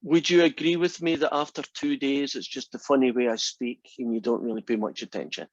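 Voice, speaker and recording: A Scottish man teaching a college math class, relaxed and chatty with a dry, teasing humor. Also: medium pitch, brisk, dry recording, dull audio. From Scotland. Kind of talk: classroom lecture.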